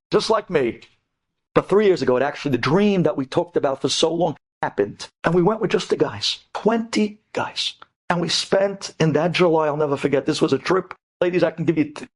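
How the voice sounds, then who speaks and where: Animated New rabbi telling a story. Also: male voice. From United States. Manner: animated, swings between hushed and soaring pitch; sprinkles Hebrew terms into speech. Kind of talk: inspirational storytelling.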